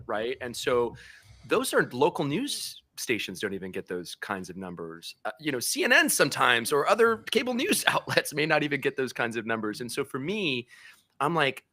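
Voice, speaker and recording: A man with a bright, forceful voice, talking as a guest journalist in an earnest, impassioned way. His voice climbs and wavers as feeling takes over, and he speaks with conviction. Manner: earnest, grows impassioned and tearful, pitch rising. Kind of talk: emotional conversation.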